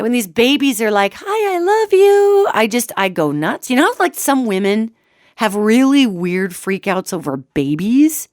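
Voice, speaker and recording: Brief: woman host, chatty storyteller, lively swooping pitch, dry close sound. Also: dry recording. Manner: animated and chatty, addresses listeners as gang. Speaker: radio show host. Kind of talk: casual anecdotal storytelling.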